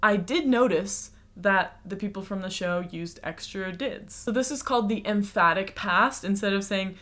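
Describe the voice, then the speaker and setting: Speaking at normal speed with a medium-pitched, fairly bright voice, an American woman hosts a reaction video. Her casual commentary explains things in a chatty way and carries a lightly sarcastic edge.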